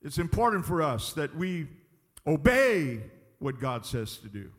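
A high-pitched man delivers a folksy sermon, rising into loud emphatic peaks and dropping to quiet asides. He chuckles between points, and his voice rings with the long reverb of a church hall. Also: very animated, a little slow. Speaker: pastor.

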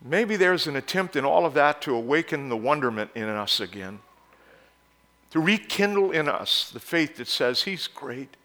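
A male pastor preaching a sermon. He moves from quiet, intimate passages to loud exhortation and leads the congregation in call-and-response. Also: fairly high pitch, lively intonation, moderate pace.

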